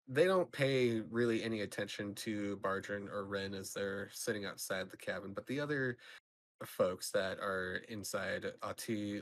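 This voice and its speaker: A man narrating a tabletop game as game master, in a loose, chuckling way. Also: fairly low pitch.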